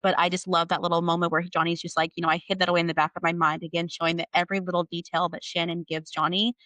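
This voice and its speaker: A woman co-hosting a book podcast, retelling scenes quickly and fondly in casual chat. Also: lowish voice, flat delivery, sharp tone, dry recording.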